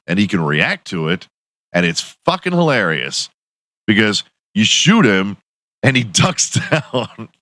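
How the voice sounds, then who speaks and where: A man's voice: lowish voice, bright, forceful tone, no room sound. A young man hosting a podcast, telling a profane, laughing story in casual monologue. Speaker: podcast host.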